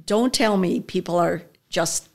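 Older woman guest, chatty and laughing, slight fry in the voice. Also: fairly low pitch, measured pace. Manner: warm, chatty, laughs often. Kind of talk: casual conversation.

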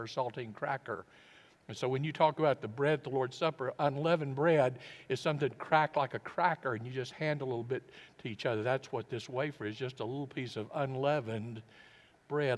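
Earnest male pastor in a reverberant hall. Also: mid-range voice. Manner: reflective, earnest, often drops to a hush. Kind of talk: sermon. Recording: long reverb of a large hall.

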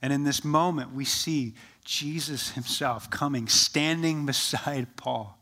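A man preaching a sermon as pastor, rising with energy, then dropping to a soft, slow hush for quoted words. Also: mid-range voice. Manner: shifts from lively to soft and slow when quoting Jesus.

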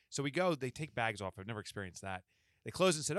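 Racing along in a medium-pitched voice, this man co-hosts a podcast and spins a lengthy story in casual conversation, performing the quoted lines of each character. The sound is clean studio quality, with no room sound.

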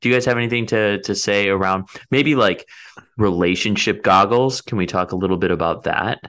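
A man co-hosting a podcast in casual chat, relaxed and rambling with many fillers. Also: on the low side, fairly quick. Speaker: podcast co-host.

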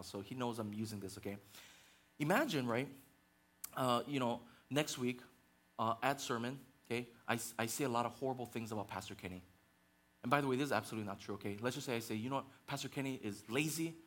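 A man preaching a sermon as pastor, passionate and conversational, with fillers and restarts, building to intense peaks. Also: medium pitch. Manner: passionate, rising to near-shouting intensity.

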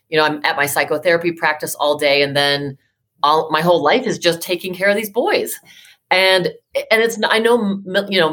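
Low-voiced woman in her fifties telling her story. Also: a bit bright. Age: 50s. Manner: earnest, emotional, many fillers and restarts. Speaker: guest, psychotherapist and life coach. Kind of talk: personal storytelling in an interview.

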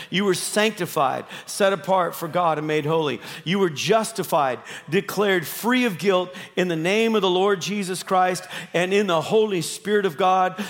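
A pastor with a high voice delivers a sermon in a conversational way. He throws rhetorical questions at the audience. His voice rings with long reverb in a big church hall. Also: a bit bright. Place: church auditorium, live service.

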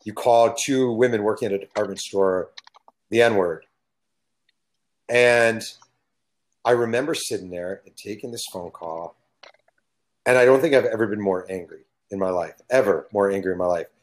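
A man's voice: fairly low pitch, normal speed, pauses often. A middle-aged man from California talking bluntly and with emphasis in a casual chat, telling stories from his working life.

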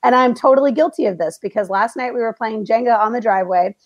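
Brief: woman host, middle-aged, lively chatty storyteller, slightly high voice with a gravelly edge. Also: quick pace, no echo. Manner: lively storyteller who laughs often. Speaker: podcast host. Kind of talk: casual chat.

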